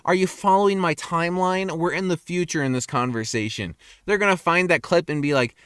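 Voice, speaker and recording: A young man rambling in a casual rant, crude and self-mocking, his pitch jumping up and down. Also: fairly quick, fairly bright tone, clear, resonant tone, dry recording, clean studio sound. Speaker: vlogger. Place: car in a parking lot at night.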